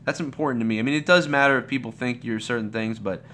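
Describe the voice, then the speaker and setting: A man's voice: mid-range voice, quick pace, a bit bright, a little hiss or hum. Rambling, profane man hosting a livestream. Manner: rambling, profane, many restarts and fillers. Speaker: livestream host. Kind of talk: casual live Q&A rant.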